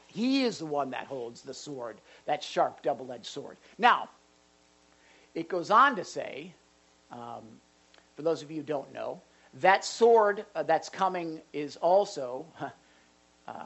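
Pastor, live sermon in a church hall, animated and excitable, chatty asides. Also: medium pitch, muffled recording. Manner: animated, gets excited and louder; jokey asides to the congregation.

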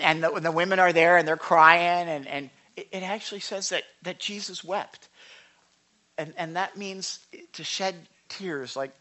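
A man preaching a sermon in a high, bright, forceful voice. He talks with his congregation in a conversational way and keeps checking that they follow. His earnest delivery swells into passionate emphasis. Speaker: pastor.

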